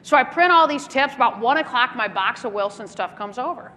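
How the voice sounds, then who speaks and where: A woman giving a keynote speech at a business luncheon, telling lively anecdotes and acting out the dialogue. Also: a little high, fairly quick. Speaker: keynote speaker. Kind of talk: keynote storytelling. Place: large luncheon hall. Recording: echoey hall, faint room noise.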